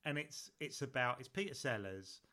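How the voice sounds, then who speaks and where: A man co-hosting a podcast in casual chat, enthusiastic and chatty with quick asides. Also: medium pitch, expressive, pushed and bright. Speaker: podcast co-host.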